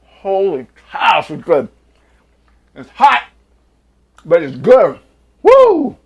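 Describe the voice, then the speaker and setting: A man's voice: a little high, very animated, slow, husky. A man hosting a home cooking vlog, hyped and slangy, drawing out catchphrases while taste-testing in his kitchen. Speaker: cooking show host.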